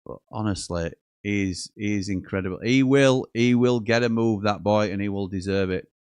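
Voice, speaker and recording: A man's voice: fairly low pitch, normal speed, a little mellow, clear, resonant tone, dry recording, studio quality. A man hosting a live football watchalong, chatting casually, joking and reading out viewer messages. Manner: chatty, jokey, reads out messages and chuckles often.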